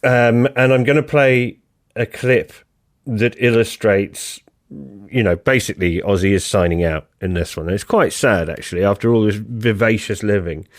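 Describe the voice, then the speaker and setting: A man hosting a podcast in casual chat, lively and jumping up in pitch to make a point. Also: moderate pace, no room sound, studio quality. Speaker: podcast host.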